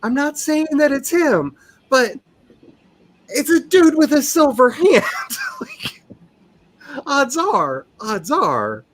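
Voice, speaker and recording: A woman with a Southern US accent, an author chatting casually on a writing livestream, animated and self-mocking. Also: sits high, slow, long pauses, a little hiss or hum.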